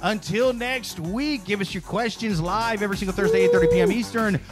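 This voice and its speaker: A man hosting a casual comedy talk show, telling a story in an animated, profane way. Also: high voice, a little fast, over loud music. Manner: animated storyteller, swears freely. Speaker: podcast host.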